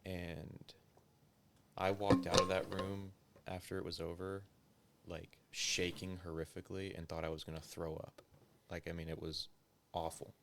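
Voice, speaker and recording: A former cop recounting his past in a relaxed interview. His voice sits very low and flat, with a gravelly edge. His talk is loose and profane, padded with filler words. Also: unhurried, noisy background. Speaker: interview guest, former police officer. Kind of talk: casual conversational storytelling.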